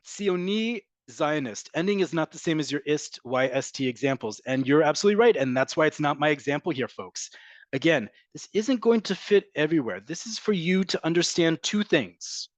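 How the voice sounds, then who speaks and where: A fairly high-voiced man teaches a live online language class. He is emphatic and repeats and drills pronunciations. The sound is close and dry, with no room echo. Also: expressive, normal speed. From from an American family. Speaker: Hebrew teacher.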